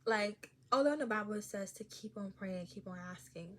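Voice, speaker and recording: A woman at a middle pitch talks through a casual faith podcast monologue. Her storytelling is animated, with frequent laughs and sudden drops into a hushed whisper. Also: normal speed. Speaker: podcast host.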